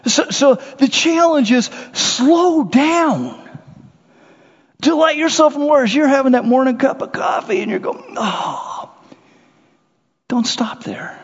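A man preaching a sermon, animated, acting out little scenes and voices as he goes. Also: very high-pitched, a little slow. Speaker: pastor. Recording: muffled sound with long hall reverb.

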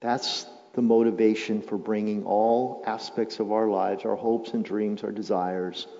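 A male pastor preaching a sermon, moving from quiet, reflective passages to loud, emphatic build-ups. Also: fairly low pitch, level tone, a little slow. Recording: muffled sound with long hall reverb.

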